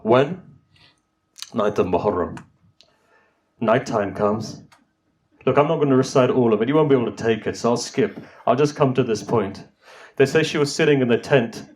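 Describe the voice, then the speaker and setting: In a mosque, a man preaches an emotional mourning sermon, often putting rhetorical questions to his listeners in an impassioned recitation. His mid-range voice is a little mellow and moves at normal speed.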